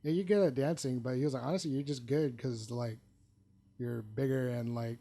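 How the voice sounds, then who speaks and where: A man's voice: mid-range voice, moderate pace, creaky, mellow. A young adult man, a guest on a casual podcast, talking things over reflectively and leaning hard on "like" as a filler. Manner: reflective, loose, heavy use of "like".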